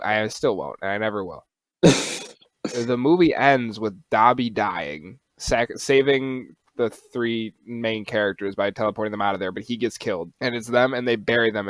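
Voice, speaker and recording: A young man co-hosting a podcast, chatting casually, animated and quick to swear and laugh. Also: on the low side, no room sound. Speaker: podcast co-host. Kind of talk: casual chat.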